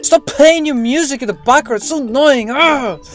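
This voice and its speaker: A woman, speaking at a moderate pace over background music in a natural voice, imitates a cranky, bossy young boy in an online shooter's voice chat. He whines, orders his teammates around, and bursts into shrill outbursts, easily upset and whiny in mood.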